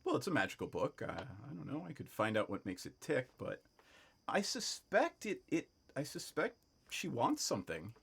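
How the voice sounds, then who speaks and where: A man's voice: medium pitch, wildly swooping pitch, normal speed, gravelly, a bit bright, husky, heavily acted. A man playing a dragonborn bookseller. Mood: curious. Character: curious male dragonborn bookshop keeper.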